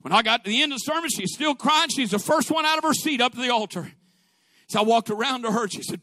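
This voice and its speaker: A man preaching a sermon, moving from quiet storytelling to shouted exhortation. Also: extremely high pitch, animated, fast talker, no echo. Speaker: pastor.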